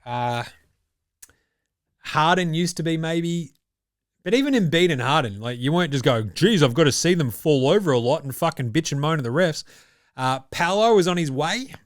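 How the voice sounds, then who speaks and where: A man's voice: a little high, expressive, normal speed, no echo, clean studio sound. A man with an Australian accent hosting a basketball podcast in casual, profane, blokey banter. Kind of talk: casual sports chat.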